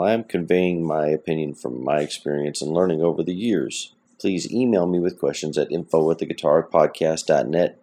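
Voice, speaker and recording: Man, very deep voice, podcast host, casual solo talk, plainspoken, rambling. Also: dark tone. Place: at home.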